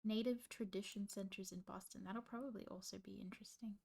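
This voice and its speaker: A woman's voice: mid-range voice, steady tone, fast, creaky, mellow. A young woman, livestreaming casually while she studies, rambling to her chat and reading notes aloud into a desk microphone. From Australia.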